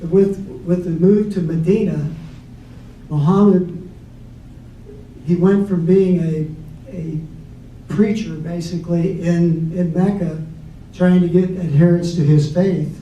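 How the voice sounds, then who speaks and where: A man's voice: sits high, fairly even intonation, takes it slowly, long pauses, dark tone. A man in a debate, speaking unscripted with many restarts and repeated words. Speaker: debate panelist. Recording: distant, roomy, dull with faint noise.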